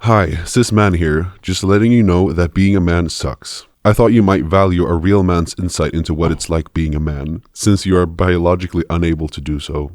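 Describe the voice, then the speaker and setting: A man putting on a low-voiced, clueless fellow grumbling about how hard manhood is. He reads in a mock-earnest tone, chuckling now and then. The sound is close and dry. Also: moderate pace, hardly any pauses, a little mellow, no room sound, natural voice. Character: clueless grumbling cis man posting online. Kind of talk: reading a post aloud.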